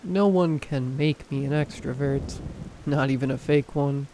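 A man reading horror stories aloud in a calm, even scripted narration. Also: medium pitch, a little slow, slight background noise, low-quality recording.

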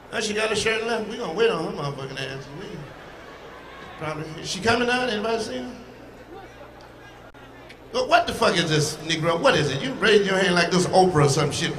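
A woman stand-up comedian doing crowd work on a live stage, brash and profane as she teases the audience. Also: mid-range voice. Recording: echoey venue with audience noise.

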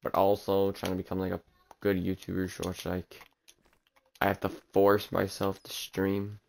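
A man's voice: low-pitched, monotone, normal speed, creaky. A man streaming a video game, chatting casually and teasing the characters on screen in a rambling way. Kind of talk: casual gameplay commentary.

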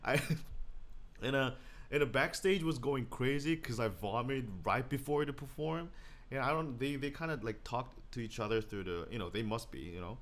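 A man with a mid-range voice recounts a backstage story on a stream. His phrasing is halting and broken, full of restarts. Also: mid-range voice, a bit bright. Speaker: singer recounting a performance. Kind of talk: casual stream talk.

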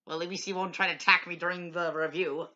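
A woman's voice: lowish voice, steady tone, fast, bright, forceful tone. A woman hosting a home-made comedy film review, bossy and mock-grumpy. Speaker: film reviewer, show host. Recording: lo-fi home recording.

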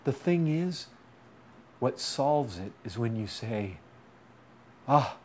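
Impassioned male preacher, mid-pitched. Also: lively intonation, takes it slowly, a little hiss or hum. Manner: impassioned, swings between loud urgency and hushed intensity; repetitive, pleading rhetorical cadence. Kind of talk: sermon.

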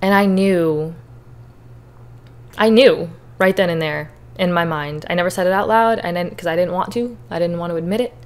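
A woman's voice: fairly low pitch, normal speed, smooth. Tearful young woman sharing her testimony. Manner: candid, earnest, emotional at times. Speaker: podcast host. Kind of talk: personal testimony, casual.

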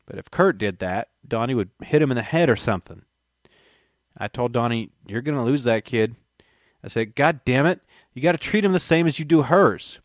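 A man's voice: medium pitch, expressive, moderate pace, no room sound, clean studio sound, close to an everyday voice. A man putting on a folksy older Texan. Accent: Texas. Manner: folksy, blunt storytelling. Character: plainspoken older man recalling family troubles.

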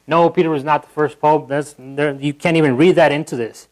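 A man's voice: on the high side, brisk, rough recording. Conversational man preaching a sermon. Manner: conversational, with frequent restarts and asides to the congregation; animated, acting out quotes in a livelier voice. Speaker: pastor. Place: church.

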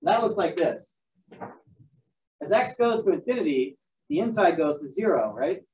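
A man's voice: fairly high pitch, very animated, moderate pace, a little mellow. A man teaching a math class in a casual lecture, rambling with joking asides and restarting himself as he works through sums. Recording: dull, distant classroom recording.

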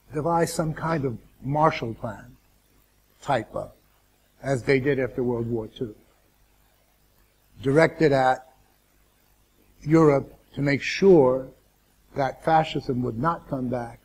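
A man speaking as a guest lecturer to students, deliberate and wry, with asides and restarts. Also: mid-range voice, slight background noise.

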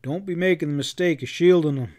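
A man's voice: a little high, brisk, a little mellow, pitched above the performer's own voice, lightly acted. A man voicing a grim, angry leader of a frontier posse, who talks in blunt, threatening folksy speech.

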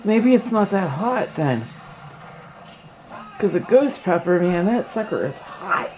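A woman's voice: fairly low pitch, big pitch swings, slow pace, darkish tone, a little hiss or hum, poor audio. A woman filming a home video, teasing and disbelieving as she asks questions from behind the camera. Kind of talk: casual off-camera commentary.

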